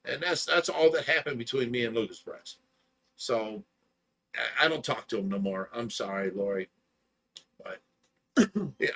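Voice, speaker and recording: A man's voice: medium pitch, a bit bright. A man hosting a livestream, casually telling a long story, rambling with lots of "you know" and "blah blah," and getting heated as he retells an argument. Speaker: livestream host.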